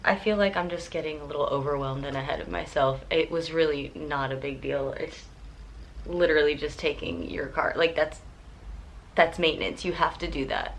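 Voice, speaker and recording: A woman's voice: low-pitched, a little slow, long pauses, fairly bright tone, rough recording. A woman in her thirties talking candidly in a casual diary vlog, rambling and self-deprecating, with lots of fillers. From California. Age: 30s. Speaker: vlogger. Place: at home and in a car.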